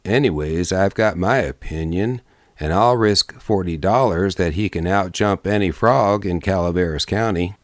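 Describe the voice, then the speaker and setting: A man's voice: low voice, normal speed, no echo, studio quality, close to an everyday voice. A man voicing an easygoing, shrewd frontier gambler in an audiobook, speaking in a careless folksy drawl. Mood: easy drawl. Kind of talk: audiobook character voice.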